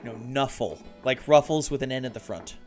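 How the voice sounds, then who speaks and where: A man's voice: medium pitch, moderate pace, a little mellow. A man hosts a casual hobby live stream at his desk mic. He banters animatedly, swears and laughs easily, and reads out chat messages as they come in. Faint music plays behind him.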